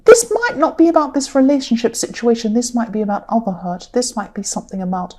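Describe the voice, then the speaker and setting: A tired woman with a croaky voice, giving a rambling tarot reading and repeating herself often. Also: a little high, animated, fast talker, darkish tone, a little hiss or hum. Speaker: tarot reader.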